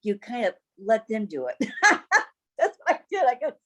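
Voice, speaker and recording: A woman tells a story in a casual, chatty way. Her voice sits a bit high and swoops up and down a lot. She laughs often and slips into the voices of the people she quotes. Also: very animated, normal speed, a little mellow. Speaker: guest sharing her business story.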